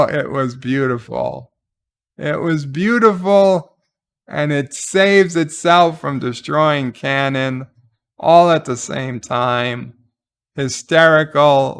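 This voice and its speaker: A man casually recapping a TV episode as a reviewer, halting with restarts and fillers and getting excited as he retells the action. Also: a little high, clear, resonant tone.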